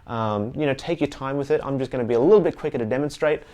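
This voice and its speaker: A man teaching bass in an easygoing, chatty way, singing notes to show how they sound. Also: fast talker. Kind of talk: instructional music lesson. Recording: loud bass guitar playing behind the voice. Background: bass guitar.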